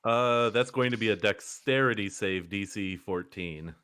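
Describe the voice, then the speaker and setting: A man's voice: fairly low pitch, unhurried, a bit bright, smooth, no room sound, clean studio sound. A man playing a tabletop game, casual and laid-back. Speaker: player.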